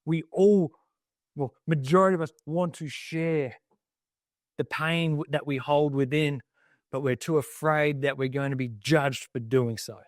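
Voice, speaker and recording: A man's voice: on the high side, unhurried, no echo, clean studio sound. An Australian man talking as a podcast guest, earnest and reflective, with many loose fillers. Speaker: guest, army veteran. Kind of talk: casual podcast interview.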